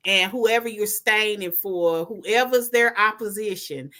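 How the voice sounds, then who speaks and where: A woman's voice: mid-range voice, a little slow, pushed and bright. A woman co-hosting a casual chat, often laughing as she talks. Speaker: podcast co-host.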